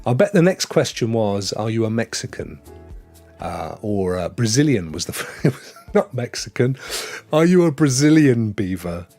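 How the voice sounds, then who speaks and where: A man hosts a live gaming stream, talking loosely with his viewers and cracking jokes as he goes. His voice sits in a middle pitch and swings up and down a great deal. Faint music plays underneath. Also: very animated, normal speed, darkish tone. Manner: joking, rambling, chatty with viewers. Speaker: gaming show host.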